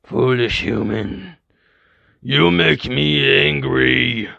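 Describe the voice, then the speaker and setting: A man voicing a huge, hungry talking male zombie that drags out its threats in a slow, menacing way. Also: medium pitch, vocal fry, pushed and bright, no echo, pitched above the performer's own voice, exaggerated voice. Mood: angry. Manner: slow, drawn-out menacing speech. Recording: dull, lo-fi, dry recording.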